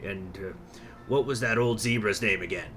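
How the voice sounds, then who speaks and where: A man's voice: on the low side, moderate pace, a bit bright, faint music behind, close to an everyday voice. A man voicing a haughty scheming count. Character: scheming aristocratic male count. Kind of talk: let's-play reading with character voice.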